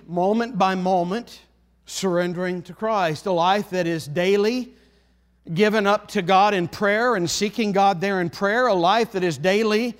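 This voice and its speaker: A man preaching a sermon, earnest and emphatic, repeating phrases for effect and dropping to a hush to drive points home. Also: high voice. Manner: earnest, rises to emphatic pleading then drops to hushed.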